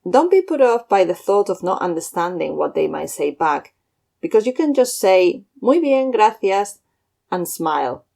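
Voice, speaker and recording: A woman teaching beginner phrases in a scripted lesson, slowing down to model each phrase clearly. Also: on the low side, sing-song, mellow. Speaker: language teacher.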